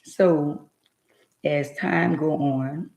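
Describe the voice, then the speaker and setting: A woman's voice: low voice, fairly even intonation, extremely slow, vocal fry, darkish tone, echoey room. A woman telling her own life story to her viewers in an emphatic, rambling, casual way.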